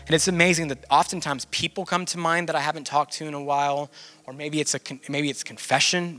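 Man, a little high, bright tone, earnest, conversational church teaching. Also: a little fast. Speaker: pastor teaching a church group. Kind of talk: sermon teaching.

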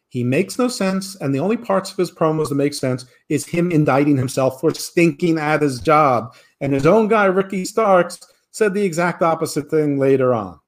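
A man's voice: a little high, moderate pace. A man co-hosting a podcast, recapping wrestling in a rambling, sarcastic way and mimicking the people he quotes. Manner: rambling, sarcastic, animated when quoting others. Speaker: podcast co-host. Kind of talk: casual wrestling recap chat.

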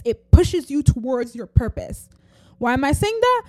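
A woman's voice: high voice, lively intonation, moderate pace, a little mellow, no echo. A woman hosting a podcast, giving an earnest, preachy motivational faith talk and acting out quoted voices. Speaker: podcast host.

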